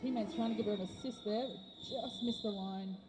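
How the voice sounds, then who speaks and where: A woman's voice: mid-range voice, fairly even intonation, brisk, noisy background. Chatty woman commentating derby. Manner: chatty, laughs often. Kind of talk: live sports colour commentary.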